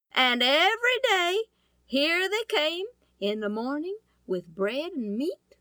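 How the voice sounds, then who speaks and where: A woman telling a Bible story in a folksy, animated way, often asking her listeners questions. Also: sits high, dry recording. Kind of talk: storytelling to an audience.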